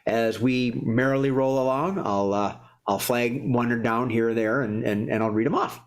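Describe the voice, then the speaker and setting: A man's voice: mid-range voice, steady tone, moderate pace. A man hosting a live improv comedy show, rambling and joking with lots of restarts. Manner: rambling, jokey, many restarts. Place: warm indoor studio.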